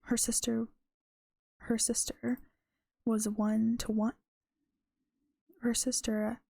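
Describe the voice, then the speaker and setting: A woman's voice: a little high, monotone, slow, gravelly, dark tone, no echo. A tired woman streamer reading her own story aloud, correcting herself as she goes. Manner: unpolished reading with self-corrections. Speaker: streamer and writer.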